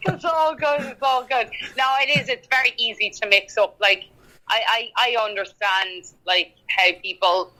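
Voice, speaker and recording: An Irish woman in a casual podcast chat, talky and quick to laugh, with lots of fillers. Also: medium pitch, pushed and bright, poor audio. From Ireland. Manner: chatty, laughs often, halting with fillers. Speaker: guest singer-songwriter.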